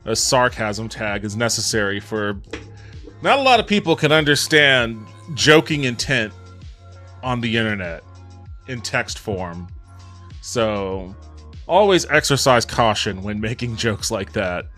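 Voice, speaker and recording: A man's voice: on the low side, animated, measured pace, sharp tone, faint music behind. A man streaming a game, chatting casually and swearing freely. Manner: swears freely, rambling asides.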